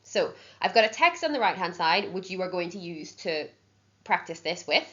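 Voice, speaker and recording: A woman's voice: lowish voice, sing-song, moderate pace, bright, forceful tone. A woman teaching an exam-prep language lesson, explaining patiently step by step and checking in with frequent "okay"s. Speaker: Spanish teacher. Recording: dull lo-fi sound.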